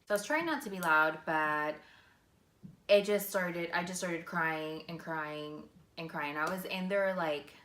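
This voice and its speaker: A woman vlogger speaks in a fairly low but bright, forward voice, telling her own story casually and earnestly. Her talk is loose and full of fillers. The room around her rings with a noticeable echo. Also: a little slow. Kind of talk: personal storytelling.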